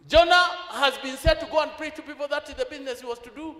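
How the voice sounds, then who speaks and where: Kenyan guy preaching, really high voice, church hall echo, keeps asking the people questions. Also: fast talker, hardly any pauses, fairly bright tone. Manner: asks the congregation rhetorical questions; switches into Swahili mid-sentence. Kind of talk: sermon. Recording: echoey reverberant church hall.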